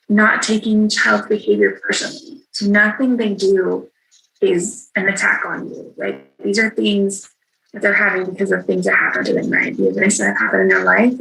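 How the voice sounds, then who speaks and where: A woman's voice: mid-range voice, creaky, a bit bright, low-quality recording. A woman giving a virtual training to caregivers in a conversational way, often checking in with "right?". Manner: conversational, frequent tag "right?". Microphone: video call.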